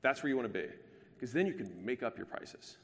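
A man's voice: mid-range voice, expressive, a little fast, a bit bright. A man in his thirties giving a live business presentation in a brash, casual and profane joking way. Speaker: business speaker. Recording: long hall reverb.

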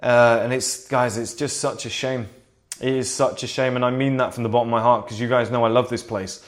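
A man sits at home and talks loosely into his own camera. He rambles, swears easily and slides into a confident sales pitch, in a voice of middling pitch. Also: flat delivery, brisk. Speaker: vlogger. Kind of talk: casual to-camera vlog. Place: seated at home in a flat. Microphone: camera in front of him.

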